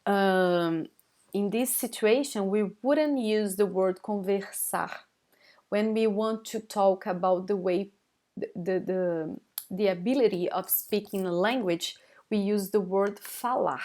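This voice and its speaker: Brazilian woman, Portuguese native, slow halting live language teacher, lots of fillers. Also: mid-range voice, a little mellow. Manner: addresses viewers as guys, checks with okay. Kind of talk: live online language lesson.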